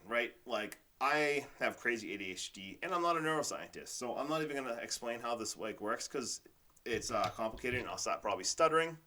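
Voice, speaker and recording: A man's voice: on the low side, fairly bright tone. Enthusiastic rambling male podcast host. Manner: rambling, filler-heavy, enthusiastic; says "like" and "literally" often. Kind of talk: casual motivational monologue.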